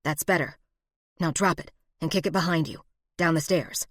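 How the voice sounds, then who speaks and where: Woman putting on a frontier henchman, nervous, whiny, low voice, dry sound. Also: normal speed, no echo. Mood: menacing. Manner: whimpering.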